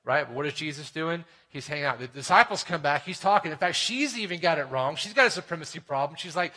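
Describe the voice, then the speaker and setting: A man preaching a sermon in a conversational way, often asking "right?" and dropping to a hushed tone for serious points. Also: on the high side, expressive, a little fast, husky. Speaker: pastor.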